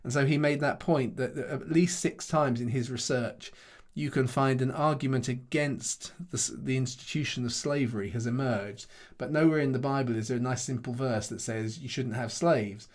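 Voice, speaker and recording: A middle-aged man speaks as a pastor taking questions after a talk. He thinks aloud, stumbles over repeated words and chuckles now and then. His voice sits at an ordinary middle pitch. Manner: thoughtful, halting, many restarts and repeated words, chuckles often. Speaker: pastor and Bible teacher. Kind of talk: conversational Q&A answer after a teaching session.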